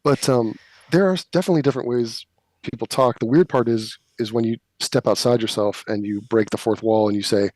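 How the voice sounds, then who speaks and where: A man's voice: medium pitch, a little fast, a little mellow, no room sound. A man from California with a Californian accent, chatting as an interview guest, talkative and wry, leaning on the word like. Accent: Californian American. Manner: talkative, opinionated, wry, says like often. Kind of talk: casual interview chat.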